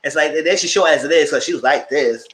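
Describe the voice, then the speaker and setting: A man hosting a TV review show, recapping scenes in a lively, casual way and acting out people's lines in exaggerated voices. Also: fast, roomy sound, a little hiss or hum. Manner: acts out quotes in exaggerated voices, squeals high.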